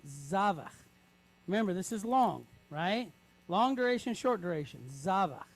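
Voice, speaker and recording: This man's voice is high-pitched, animated and creaky as he leads a reading lesson. Going syllable by syllable, he slowly spells out the sounds of each word, patiently asking the class "right?" after every step.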